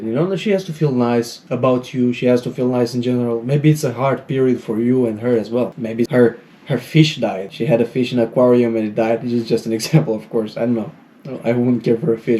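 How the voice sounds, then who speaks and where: A man's voice: medium pitch, dark tone. A man giving casual, rambling relationship advice to camera, often acting out quoted lines and leaning on "you know". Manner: acts out little quoted dialogues. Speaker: dating advice vlogger.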